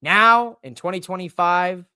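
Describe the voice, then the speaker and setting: A man hosting a podcast, ranting casually about wrestling in an animated, profane, joking way. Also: high voice, a little slow, smooth, no echo, studio quality. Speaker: podcast host. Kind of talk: casual wrestling recap rant.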